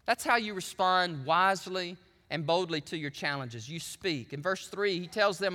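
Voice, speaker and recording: A man's voice: high-pitched, animated, moderate pace, sharp tone, in a large hall. A man from the United States preaching a sermon as pastor, swinging between chatty asides and fervent preaching.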